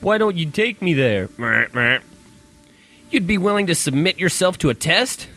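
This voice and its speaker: A man's voice: a little high, expressive, normal speed, bright, forceful tone, soft background music, exaggerated voice. Man putting on a pompous fake-British Penguin. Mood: smug. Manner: hammy put-on posh accent, "meh" squawks.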